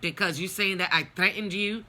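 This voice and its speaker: A woman's voice: mid-range voice, steady tone, brisk, sharp tone. A middle-aged woman vlogging a personal story, venting in a blunt, profane, heated way.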